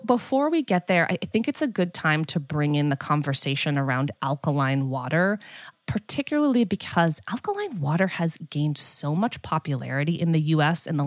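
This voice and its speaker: A woman's voice: on the low side, no echo. Chatty woman podcast co-host, dry sound. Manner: chatty, lots of filler "like". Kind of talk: casual podcast chat.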